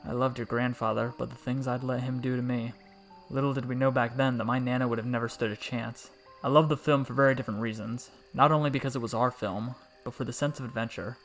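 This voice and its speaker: A man reading a story aloud in a calm, reflective way with dry, wry asides. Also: mid-range voice, fast talker. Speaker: story narrator. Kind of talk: scripted storytelling narration. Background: faint background music.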